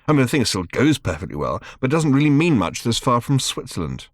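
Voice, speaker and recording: A man's voice: medium pitch, big pitch swings, fast, dry recording, studio quality. A man doing a mild, flustered father. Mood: patient. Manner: hesitant, gently flustered. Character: mild, bewildered middle-aged Englishman, awkward new father.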